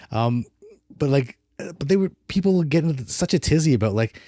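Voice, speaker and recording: A man giving strong opinions in a casual podcast chat about films. His voice is mellow and dark, and he rambles and restarts his sentences. The sound is dry and close to the mic. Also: on the high side, animated, moderate pace, dry recording. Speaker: podcast co-host. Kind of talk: casual film review chat.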